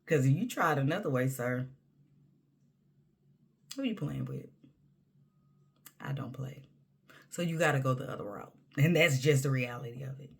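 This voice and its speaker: A woman's voice: very deep voice, expressive, brisk, vocal fry, breathy edge. A woman talking candidly to camera in a personal monologue, emphatic and conversational, sometimes dropping to a near-whisper. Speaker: vlogger.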